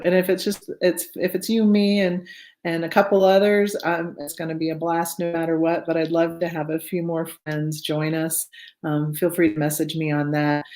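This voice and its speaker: A woman's voice: deep voice, darkish tone. A woman hosting a virtual book club on a video call, chatty and now and then tongue-tied. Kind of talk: casual video-call chat.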